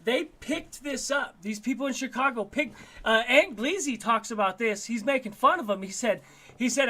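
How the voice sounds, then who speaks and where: Speaking at a moderate pace in a very high, expressive voice with a sharp tone, a livestream host from Denver, Colorado chats over a video call. His casual, slangy talk is full of repeats and restarts.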